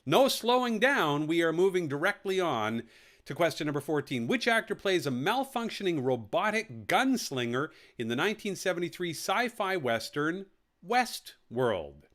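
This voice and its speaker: A man's voice: fairly high pitch, sing-song, normal speed, fairly bright tone. A man hosting a live online quiz, reading out questions and answer options and repeating them with jokey asides. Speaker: quiz host.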